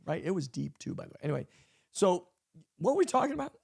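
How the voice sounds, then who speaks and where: High, gravelly-voiced pastor talking leadership. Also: male voice, sing-song, fast talker, darkish tone. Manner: emphatic, repeats key lines for effect. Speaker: pastor and podcast host. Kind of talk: casual leadership talk on a podcast.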